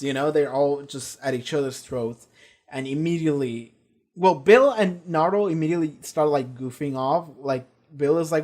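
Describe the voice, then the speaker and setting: A man's voice: a little high, normal speed, darkish tone. A young man giving a casual, rambling spoken review, swearing freely and acting out quotes. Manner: rambling and profane, acts out quotes. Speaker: reaction video host.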